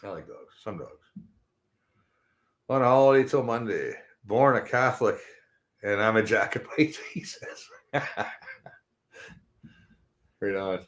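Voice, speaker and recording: A Canadian man hosting a podcast, high and rambling in casual, profane chat with frequent laughs. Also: expressive, measured pace, long pauses.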